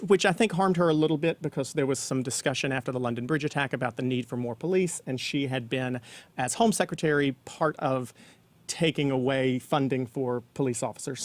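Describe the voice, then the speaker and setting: A man co-hosting a casual weekly news talk show, explaining at length with fillers. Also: medium pitch. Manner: chatty, explanatory, many fillers. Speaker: co-host.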